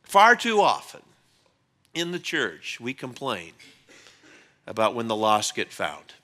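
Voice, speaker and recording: Animated male pastor preaching, bright voice. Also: medium pitch, takes it slowly. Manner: animated storyteller, acts out quotes in changing voices; conversational, with fillers and restarts. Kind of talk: sermon. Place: church.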